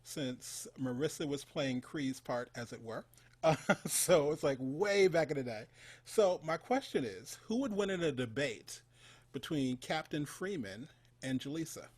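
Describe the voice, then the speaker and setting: A man's voice: on the high side, expressive, unhurried. A man interviewing a guest, an enthusiastic fan who chuckles often. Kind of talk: online interview.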